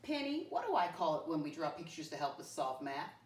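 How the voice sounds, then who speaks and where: A woman teacher giving a slow, sing-song math lesson to young children, spelling words out letter by letter. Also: low-pitched, big pitch swings, slight background noise. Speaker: first grade teacher. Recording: roomy classroom, mic at a distance.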